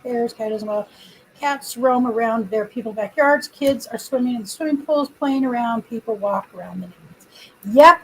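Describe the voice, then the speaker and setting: A woman's voice: fairly high pitch, normal speed, a little hiss or hum, poor audio. A woman hosting a casual livestream, chatting and telling stories to her viewers in a rambling way, recorded without her microphone. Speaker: livestream host. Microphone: computer built-in mic, no external microphone.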